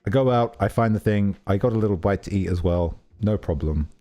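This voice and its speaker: Low, mellow-voiced man rambling. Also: fairly quick, soft background music. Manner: rambling, storytelling, many fillers. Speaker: streamer. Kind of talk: casual livestream chat.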